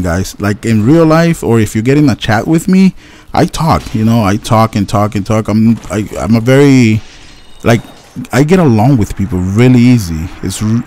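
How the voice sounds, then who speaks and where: A man's voice: fairly low pitch, darkish tone. A young man rambling to his viewers in a casual, filler-heavy rant about fitting in. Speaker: gaming YouTuber. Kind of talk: unscripted rant to camera.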